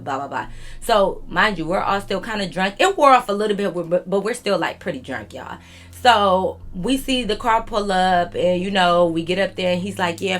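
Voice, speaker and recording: A woman's voice: on the low side, fairly bright tone. A young woman telling a storytime vlog to her viewers, chatty and rambling, full of slang, calling them y'all. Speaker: YouTube storyteller.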